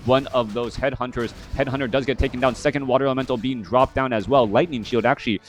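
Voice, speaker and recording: A man commentating a strategy video game match, giving play-by-play in a steady, measured way with occasional fillers. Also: medium pitch, faint music behind.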